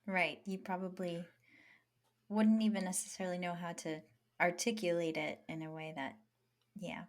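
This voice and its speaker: A woman hosting a podcast interview in casual chat, playful and quick to joke along with her guest. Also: lowish voice, flat delivery. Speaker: podcast host.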